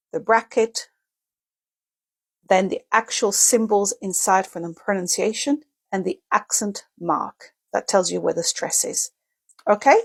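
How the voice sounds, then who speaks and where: A woman's voice: mid-range voice, breathy edge. Woman patiently teaching dictionary pronunciation. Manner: explains step by step with demonstrated sounds, asides and self-corrections. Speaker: English teacher. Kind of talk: casual video lesson.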